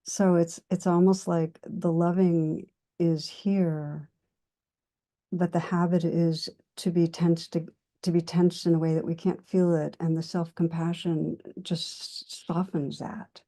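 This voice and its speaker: A woman host leads the conversation in a gentle, measured voice. Her pitch is lowish and her tone is soft and mellow. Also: flat delivery. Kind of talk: interview conversation.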